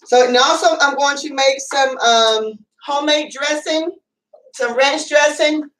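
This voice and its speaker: High-voiced woman hosting a home cooking show. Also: measured pace, a bit bright, recorded from a distance. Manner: chatty, rambling, many fillers. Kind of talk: casual cooking demonstration. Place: home kitchen. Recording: echoey room, away from the mic.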